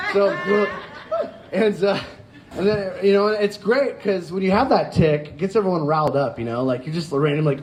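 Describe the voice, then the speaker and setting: Here the stand-up's voice sits fairly high, with lively intonation at a normal speed. Holding a stage mic, he rambles with plenty of fillers and laughs at his own jokes, while the club audience's laughter makes the background noisy.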